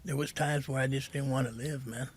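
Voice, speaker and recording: A middle-aged man telling his recovery story as a podcast guest, soft-spoken and halting, saying "man" often. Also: medium pitch, fairly even intonation, slight background noise.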